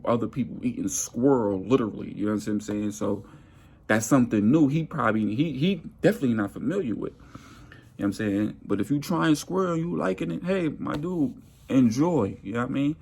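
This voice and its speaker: A man telling a workplace story in a casual monologue, animated, acting out his coworkers' lines. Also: brisk, gravelly, breathy edge. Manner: animated, acts out coworkers' lines with jumps in pitch.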